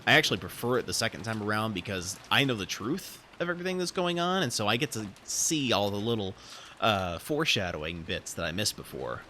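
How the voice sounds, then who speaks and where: A man's voice: fairly low pitch, expressive, brisk, sharp tone, slight background noise. A man streaming himself reading a visual novel aloud, chatting in a rambling way with lots of fillers. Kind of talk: casual live-stream reading and chat.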